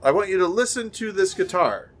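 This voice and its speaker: A male podcast co-host with a fairly high voice, chatting casually. He rambles and restarts often, filling gaps with ums and uhs. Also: lively intonation, brisk. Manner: rambling with many fillers and restarts. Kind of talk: casual chat. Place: remote video call.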